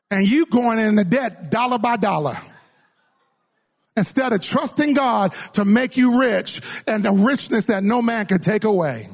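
A middle-aged man preaches a sermon in a very high voice with vocal fry and a slightly rough edge. He's animated, telling a story and voicing its characters, often repeating and restarting words.

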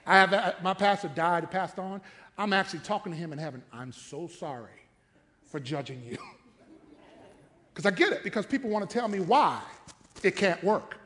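A man pastor preaching an animated, emphatic sermon in a church sanctuary, mixing jokes and repetition. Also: sits high, normal speed. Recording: long hall reverb.

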